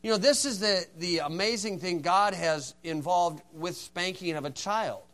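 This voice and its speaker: Male preacher, fairly high voice, folksy, moves from hushed asides to loud, forceful acted lines. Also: moderate pace. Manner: folksy storytelling, acts out dialogue, swings from hushed to shouting. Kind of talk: sermon.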